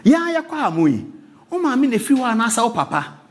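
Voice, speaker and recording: Cheerful, chatty old Ghanaian man, as a storyteller puts him on, lively exclamations, local words, voice swinging high. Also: moderate pace.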